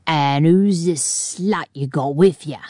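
A woman voicing a menacing, burly male ship bully with a low, rough, sneering voice. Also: slow, warm tone, no room sound, clean studio sound.

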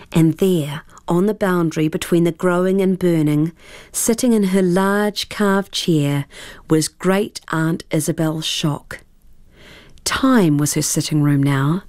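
A woman reading a storybook aloud in a measured, hushed way that drops at times into whispers. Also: on the low side, dry recording.

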